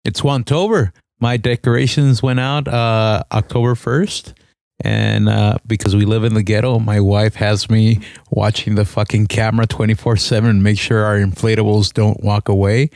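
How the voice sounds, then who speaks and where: A man with a low voice trades crude, sarcastic jokes on a podcast. He swears freely in loose banter. The recording is dry and close-miked. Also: level tone, normal speed, vocal fry, a little mellow, no echo. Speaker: podcast co-host.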